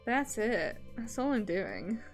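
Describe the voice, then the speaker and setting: A woman's voice: a little high, sing-song, slow, faint music behind. A young woman streamer chatting casually while drawing, rambling with lots of fillers, frequent laughter and casual swearing.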